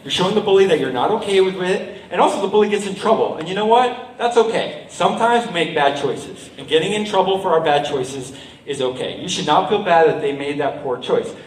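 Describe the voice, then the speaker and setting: A man's voice: high-pitched, brisk, a little hiss or hum. A middle-aged man performing a school assembly show, upbeat and quizzing the young crowd. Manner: upbeat, quizzes the crowd, acts out quoted lines. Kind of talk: talking to a school audience. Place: school hall. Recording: echoey hall, from far off.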